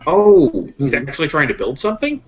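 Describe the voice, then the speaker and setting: A man's voice: medium pitch, wildly swooping pitch, a little fast, husky. A man running a tabletop game as game master, chatty and joking with fillers, over slightly muffled voice chat.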